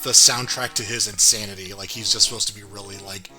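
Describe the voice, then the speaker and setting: A man's voice: on the low side, fairly even intonation, quick pace, over music. A man co-hosting a casual review chat, making laid-back asides and chuckling. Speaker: podcast co-host.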